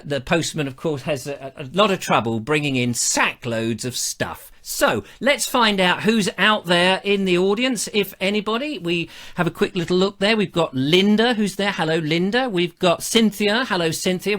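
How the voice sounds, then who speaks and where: A man's voice: sits high, a bit bright. A man hosting a live show in a chatty, jokey, self-mocking way. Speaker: host.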